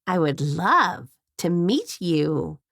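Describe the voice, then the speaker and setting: A woman voicing a monstrous reindeer creature that mimics a grandmother, coaxing in a grandmotherly tone and growling low. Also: sing-song, extremely slow, vocal fry, a bit bright, no echo, clean studio sound, heavily acted.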